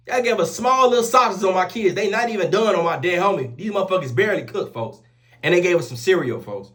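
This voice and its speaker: A young man telling a rough story in casual street slang, animated and profane, repeating oaths after every line. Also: high-pitched, quick pace. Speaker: storyteller vlogger.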